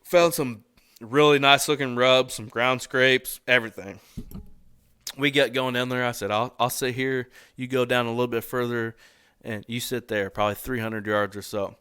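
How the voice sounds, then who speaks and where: A young man recounts a story as a guest on a casual podcast, animated and quick to laugh, with the odd swear word. His voice is bright and forceful, smooth and clean. The close mic keeps it dry, with no room sound. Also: medium pitch, no echo.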